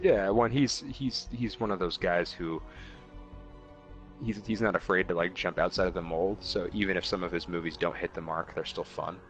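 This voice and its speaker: A man's voice: deep voice, moderate pace, fairly bright tone. A man in casual podcast chat, laid-back and agreeable, often repeating his words. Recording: dull lo-fi stream audio. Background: faint music.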